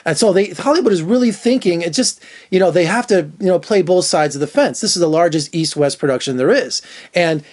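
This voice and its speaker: High-voiced chatty male film critic. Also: animated, a little fast, darkish tone. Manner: chatty and opinionated, many fillers and restarts. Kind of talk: casual spoken movie review.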